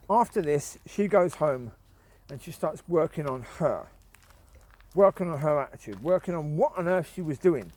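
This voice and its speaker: A man's voice: fairly high pitch, expressive, normal speed, darkish tone. A man, rambling in a casual commentary while out walking his dogs in the woods. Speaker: vlogger. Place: outdoors in rural woods.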